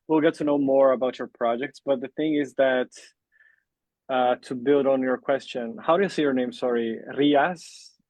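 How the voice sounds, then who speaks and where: A man's voice: medium pitch, fairly even intonation, moderate pace, pauses often, darkish tone, no room sound, low-quality recording. A man speaking as a mentor in an online workshop, loose and hesitant, often leaning on "like". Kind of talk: casual online workshop talk.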